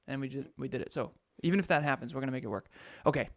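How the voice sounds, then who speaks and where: A man co-hosting a podcast and coaching, talking in an animated, emphatic way and laughing often. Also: mid-range voice, racing, dry recording, clean studio sound. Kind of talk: casual podcast chat.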